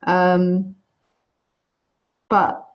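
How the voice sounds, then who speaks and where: A woman's voice: on the low side, completely flat delivery, very slow. A woman teaching an online course over a video call, chatty and frank, often restarting her phrases. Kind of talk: casual online lecture. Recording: dull lo-fi video call audio.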